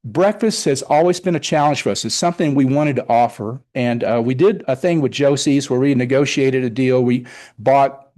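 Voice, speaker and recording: Presenting his car show report to the town board, a middle-aged man rambles with enthusiasm and keeps retelling conversations. His medium-pitched voice is a little mellow and moves at a normal speed.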